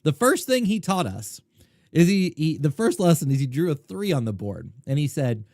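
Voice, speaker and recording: A middle-aged man hosting a podcast, telling stories in a casual, animated way, swinging between loud and quiet. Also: fairly high pitch, moderate pace, no room sound, clean studio sound. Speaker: podcast host, poker coach. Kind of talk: casual storytelling monologue.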